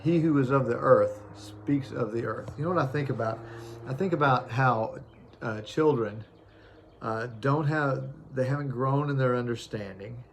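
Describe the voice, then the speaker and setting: A man's voice: mid-range voice, moderate pace, slight background noise. Man preaching an easygoing sermon. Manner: conversational, many fillers and restarts, reads scripture aloud. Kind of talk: informal sermon.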